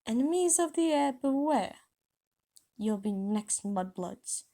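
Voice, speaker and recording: A woman's voice: mid-range voice, steady tone, moderate pace, gravelly, a little mellow. A woman voicing a spoiled, sneering schoolboy bully who taunts the others. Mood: gloating. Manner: taunting, contemptuous.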